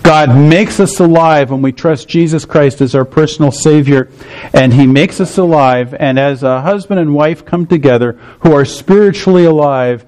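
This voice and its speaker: A man's voice: a little high, normal speed, darkish tone, rough recording. A middle-aged male pastor preaching a morning sermon, explaining scripture step by step and often checking in with the congregation.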